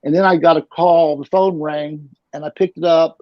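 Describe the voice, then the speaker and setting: A man's voice: on the high side, fairly even intonation, moderate pace, dry recording. A middle-aged man telling his story casually as an interview guest, rambling and often repeating and restarting his words. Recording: dull lo-fi recording.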